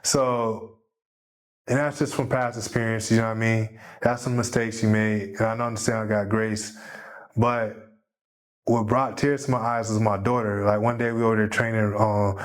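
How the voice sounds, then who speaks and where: A man's voice: fairly low pitch, little pitch movement, normal speed. A man as a podcast guest talking casually and heartfeltly about his kids, rambling and often adding "you know what I mean". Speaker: podcast guest, jiu-jitsu competitor. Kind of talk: casual conversation.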